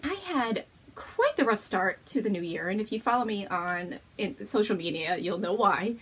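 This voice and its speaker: A woman's voice: mid-range voice, animated, moderate pace, fairly bright tone, slightly rough. A woman hosting a knitting podcast, chatting casually at home to the camera, bubbly and gushing, laughing often.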